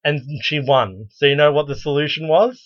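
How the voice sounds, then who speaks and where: A man's voice: fairly high pitch, moderate pace, dry recording. A man co-hosting a casual podcast chat, telling blunt, joking stories with lots of animation. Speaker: podcast co-host. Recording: dull lo-fi recording.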